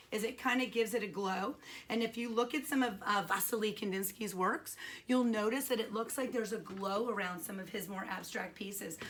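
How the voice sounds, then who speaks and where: Bright-voiced older woman teaching art. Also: mid-range voice, slight background noise. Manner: chatty, enthusiastic, encouraging. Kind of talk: casual home video lesson. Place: room at home, alone.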